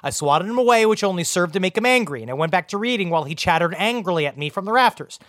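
A man co-hosting a casual comedy podcast, reading listener emails aloud with animated storytelling and swearing. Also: high-pitched, fast, no room sound, clean studio sound.

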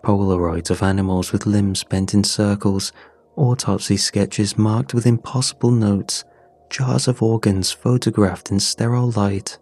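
A man narrating a scripted horror story in a measured, somber way. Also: on the low side, little pitch movement, a little mellow.

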